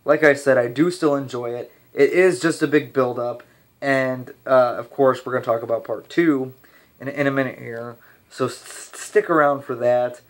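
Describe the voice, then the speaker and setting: A young man rambling casually through a movie review, ranting a little and restarting his sentences, his voice slightly hoarse. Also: medium pitch, fairly even intonation, normal speed.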